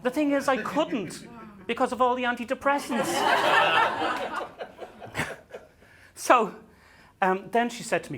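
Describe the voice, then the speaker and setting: A man's voice: extremely high pitch, expressive, slow pace, long pauses, very noisy. A man performing a stand-up comedy set on a venue stage, self-deprecating, with stammering restarts and acted-out dialogue.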